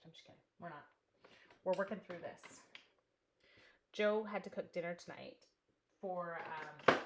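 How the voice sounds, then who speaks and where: Hosting a live craft session at home, a chatty woman greets viewers by name and thinks aloud while working. Her voice sits in the mid-range, and there's a little hiss or hum in the background.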